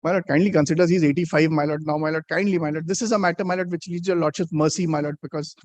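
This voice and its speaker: A man's voice: on the high side, steady tone, fast. A man pleading before a court as an advocate, insistently repeating his deferential address.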